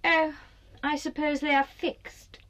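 A woman voicing a haughty, vain female doll who speaks in an imperious, disdainful drawl in an animated series. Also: high-pitched, slow.

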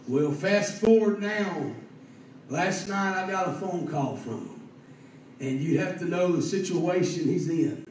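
A man preaching a sermon and telling a personal story, fervent and building to loud emphatic peaks. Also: sits high, measured pace, slight background noise. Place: church sanctuary. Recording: echoey church from a distance.

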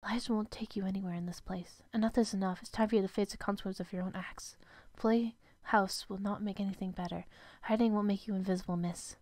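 A woman voicing a stern, secretive guardian who commands in a low, clipped voice and sometimes whispers. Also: steady tone, fairly quick, few pauses, darkish tone, dry recording, close to an everyday voice. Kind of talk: voicing game dialogue.

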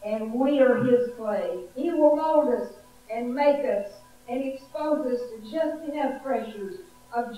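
A woman preaching a sermon, telling a story with emphatic, animated delivery. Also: high-pitched, lo-fi sound. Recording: echoey hall from far off.

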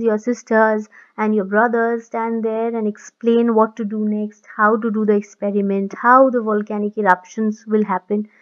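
Teacher, female, patient and repetitive, bit high, muffled lo-fi audio. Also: darkish tone. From India. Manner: patient, repeats points, asks checking questions. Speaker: English grammar teacher. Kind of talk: explaining a grammar lesson to children. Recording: dull lo-fi sound.

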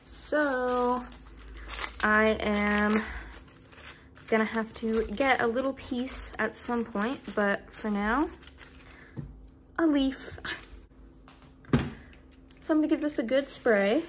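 A woman's voice: fairly high pitch, slow pace, pauses often, noisy background. A young woman chatting casually in a vlog as she sets up a pet enclosure, apologetic and a little flustered. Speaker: reptile keeper vlogger.

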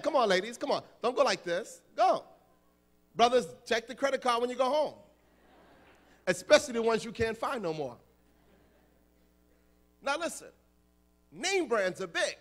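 An American man giving a lively, joking youth lecture as an imam, acting out voices for the crowd. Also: very high-pitched. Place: large conference hall.

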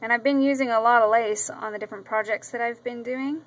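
Fast and a little high, with a steady tone, a woman chats through a casual show-and-tell vlog about her craft mail. Recorded poorly on a camera mic, she gushes a lot and keeps saying um and repeating herself. She is an adult with a daughter.

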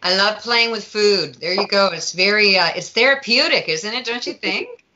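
A woman's voice: medium pitch, lively intonation, normal speed, bright, forceful tone, lo-fi sound. A woman from Vancouver co-hosting a cooking segment, chatty and joking, asking many questions. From Vancouver, Canada. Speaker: co-host. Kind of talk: casual chat.

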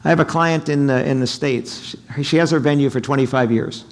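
A middle-aged man giving a sales seminar talk in a hotel conference room, animated and quizzing the audience. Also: medium pitch, brisk. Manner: animated, asks the audience questions, acts out quotes. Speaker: keynote speaker.

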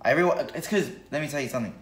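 A man chatting casually with family, rambling and animated with many fillers. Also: a little high, very fast. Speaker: family member in vlog. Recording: roomy room with faint music.

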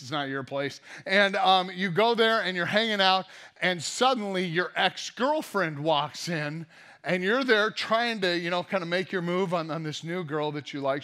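High-voiced man preaching a sermon. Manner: lively storytelling with jokey asides. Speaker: pastor.

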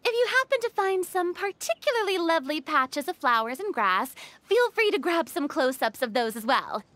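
A self-assured young film director barks orders on set in a very high, bright voice, as a woman plays her. She is theatrical and bossy, her pitch bouncing all over. This is a fan voice dub. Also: sing-song, moderate pace, full character voice. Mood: commanding.

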